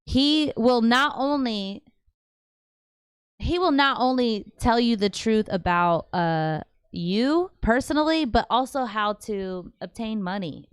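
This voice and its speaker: A woman hosting a casual livestream from home, reading viewer questions and answering them in a chatty, animated way with slangy asides. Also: a little high, clear, resonant tone, dry recording, clean studio sound. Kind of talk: casual live chat.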